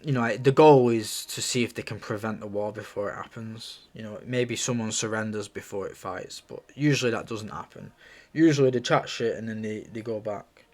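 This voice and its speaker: A man with a lowish voice reads through his own screenplay. He is relaxed and musing, and he stops now and then to comment on his scenes. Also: moderate pace.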